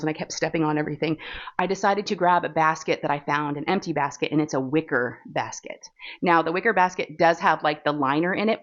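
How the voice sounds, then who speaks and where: A woman with a Texan accent, chatting casually and rambling with fillers as she hosts a crafting vlog. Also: sits low. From Texas. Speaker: crafting channel host. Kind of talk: casual chat while diamond painting. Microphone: phone. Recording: dull lo-fi phone recording.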